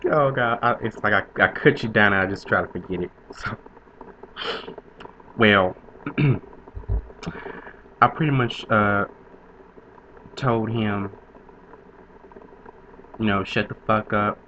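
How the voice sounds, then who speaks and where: A man's voice: fairly low pitch, slow, long pauses, sharp tone, dull audio, slight background noise. A man in his twenties telling a story to camera in a chatty, sassy way, with frequent laughs. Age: 20s. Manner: chatty, sassy diva flair, laughs often. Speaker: vlogger.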